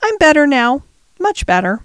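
A woman's voice: fairly high pitch, animated, moderate pace, smooth, no room sound, lightly acted. A woman voicing a spoiled, commanding young boy in an audiobook reading. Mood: imperious. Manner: commanding, grand.

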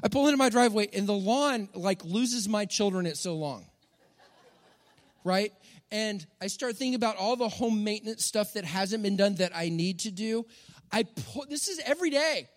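High-voiced pastor preaching. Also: male voice, lively intonation, moderate pace. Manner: conversational and humorous, keeps asking "right?". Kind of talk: sermon.

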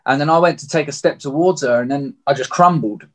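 A young man, a guest telling a story, talks fast in a slightly high voice. His delivery is loose, blunt and casual, full of swearing and filler words.

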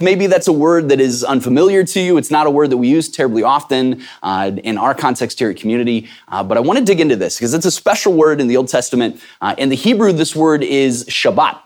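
A middle-aged male pastor preaching a sermon in a conversational, emphatic way, with frequent fillers and restarts. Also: on the high side.

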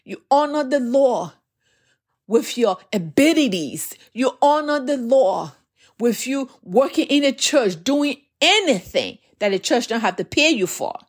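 A woman with a slightly high voice preaches a sermon as a personal testimony. She speaks earnestly, sometimes stumbling over and repeating her words as she goes. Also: lively intonation, unhurried, breathy edge.

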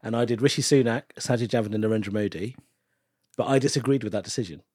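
A man, a stand-up comedian, chatting casually as a podcast guest and telling stories in a lively way. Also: on the low side, fast talker, crowd noise. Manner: animated storytelling with frequent laughs.

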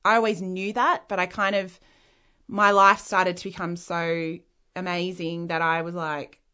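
A woman's voice: on the low side, little pitch movement, unhurried, bright, forceful tone, clean tone. A woman with an Australian accent, an interview guest telling a personal story in a frank, rambling way with many "like" fillers.

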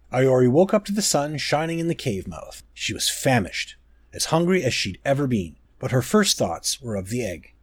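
A man reading a children's storybook aloud, slow and expressive, with dramatic pauses. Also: medium pitch, husky, no room sound. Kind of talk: storybook narration.

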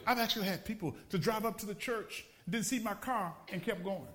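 A man's voice: high voice, fairly quick, a bit bright. A man preaching a sermon, a pastor from the Los Angeles area, telling a story with laughs and repeated phrases for emphasis.

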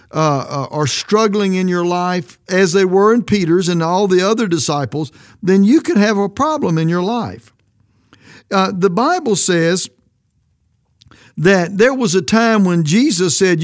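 A man's voice: sits high, dry recording, clean studio sound. A man preaching a sermon as pastor, earnest and emphatic, his voice leaping up on quoted questions.

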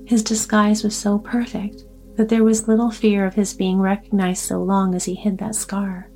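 A woman voicing a grown son who speaks in a calm, matter-of-fact way. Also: medium pitch, moderate pace, faint music behind, close to an everyday voice. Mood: steady. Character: grown son, plain-spoken and steady.

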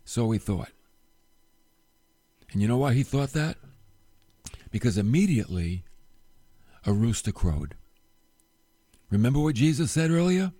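Animated, slow-talking male preacher. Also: dry recording. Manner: animated storytelling, rhetorical questions; drops low and soft for solemn moments. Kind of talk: sermon podcast.

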